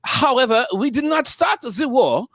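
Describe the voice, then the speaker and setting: A man's voice: high voice, lively intonation, normal speed, vocal fry, fairly bright tone, husky, heavily acted. A man imitating a defiant foreign man from Europe interviewed on the news, insistent and repeating himself.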